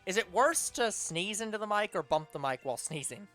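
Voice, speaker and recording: A man's voice: sits high, lively intonation, a little fast, a bit bright, soft background music. A man co-hosting a gaming live stream, chatting casually and making dry, matter-of-fact remarks. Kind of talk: casual chat while gaming.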